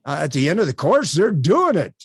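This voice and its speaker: A man's voice with a somewhat high pitch that swings widely as he teaches a live webcam workshop. He talks emphatically and leans on "uh" fillers. The sound is dry and close. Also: brisk, husky, no echo. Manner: animated, emphatic, with frequent uh fillers. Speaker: workshop instructor.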